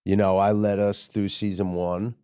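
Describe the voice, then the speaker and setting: A man's voice: on the low side, flat delivery, moderate pace, mellow, clean tone, dry recording, studio quality. A man as a podcast guest, telling stories in a laid-back, profane, rambling way with lots of fillers. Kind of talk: casual storytelling interview.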